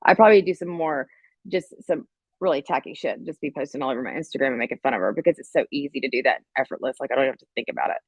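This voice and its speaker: A woman's voice: extremely low pitch, very fast, slightly rough, no room sound. A woman hosting a casual livestream, rambling and swearing as she talks straight to her viewers. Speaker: livestream host. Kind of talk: casual live-stream chat.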